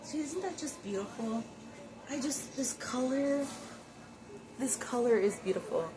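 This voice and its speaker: A woman vlogging from home in casual chat, gushing and rambling with lots of fillers and repeated words. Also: medium pitch. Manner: gushing, admiring. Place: home, near closet. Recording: noisy background.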